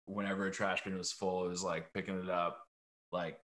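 A man's voice: low-pitched, level tone, fairly quick, fairly bright tone. A young man chatting as a podcast guest over a video call, laid-back and rambling with lots of "like". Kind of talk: casual podcast chat.

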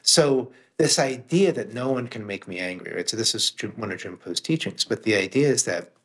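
A man's voice: on the low side, lively intonation, fairly quick, fairly bright tone. Emphatic, plainspoken man talking. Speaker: guest author and meditation teacher. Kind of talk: casual conversation.

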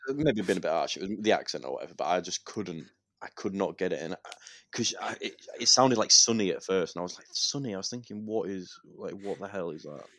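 A young man, co-hosting a podcast and telling an animated story with swearing and laughter. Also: deep voice, fast, no room sound. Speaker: podcast co-host. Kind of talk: casual podcast chat.

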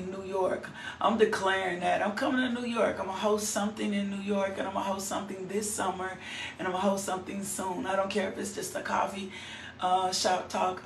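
A fervent woman preaching a livestreamed devotional, her voice gravelly with fry. She sounds roomy and set back from the mic, with faint noise underneath. She calls out viewers by name as she preaches. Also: mid-range voice, distant mic. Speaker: minister hosting an online devotional.

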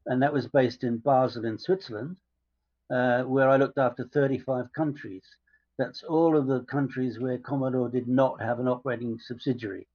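A man as a podcast interview guest, telling his story in a measured way with frequent pauses. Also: medium pitch, steady tone. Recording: slightly dull lo-fi audio.

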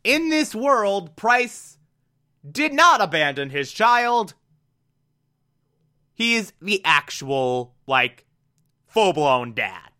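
Man, casual recap, slow pace, smooth clear voice, slightly high pitch. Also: very animated, bright, forceful tone. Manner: loose, conversational with frequent "like" fillers. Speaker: TV episode recapper.

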